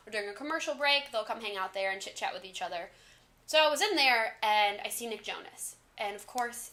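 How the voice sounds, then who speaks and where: A woman in her twenties telling a storytime vlog, talking fast in an excited, gushing way. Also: medium pitch. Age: 20s. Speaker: vlogger.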